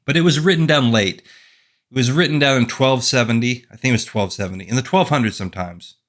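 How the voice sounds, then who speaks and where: A man's voice: medium pitch, fast talker, fairly bright tone. A man hosting his own fantasy fiction channel, talking casually and wandering off on self-deprecating, wry asides. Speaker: author and fantasy channel host. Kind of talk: casual talking-head monologue.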